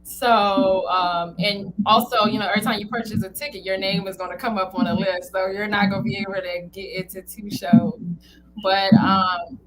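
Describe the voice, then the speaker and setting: A woman's voice: mid-range voice, fairly even intonation, moderate pace, a crowd in the background, rough recording. A woman guest on a talk show, a comedian chatting informally and laughing often. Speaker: guest, comedian and entertainment founder. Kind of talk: casual interview chat.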